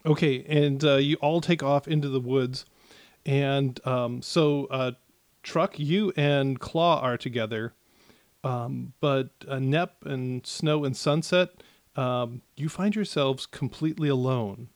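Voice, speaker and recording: A man narrating as game master of a tabletop game, with many pauses and restarts. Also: mid-range voice, dry recording. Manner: hesitant, many fillers and restarts.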